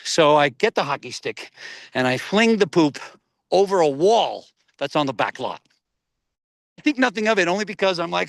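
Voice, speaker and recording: A middle-aged man, an actor guest in a casual interview, telling animated stories, laughing often and acting out voices. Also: fairly high pitch, normal speed, gravelly, no echo.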